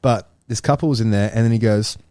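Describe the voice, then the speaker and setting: Deep, dark-voiced man. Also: no room sound, studio quality. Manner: storytelling, swears freely, quick asides. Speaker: podcast co-host. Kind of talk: casual chat.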